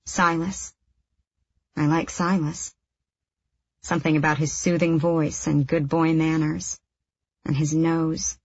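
Low, husky woman narrating a novel. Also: level tone, slow, long pauses, no echo, lo-fi sound. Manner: wry, conversational. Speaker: audiobook narrator. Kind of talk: first-person novel narration.

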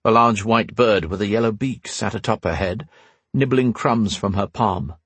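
A man reading a fantasy novel aloud in calm, even scripted narration. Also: fairly low pitch, normal speed, breathy edge, dry recording. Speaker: audiobook narrator.

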